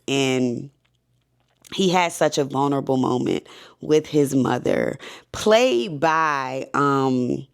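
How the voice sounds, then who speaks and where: Low-voiced woman gushing about a show, chatty, y'all vibes. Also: gravelly. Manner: enthusiastic, chatty, addresses viewers as y'all and baby. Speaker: show review vlogger. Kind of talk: casual TV review.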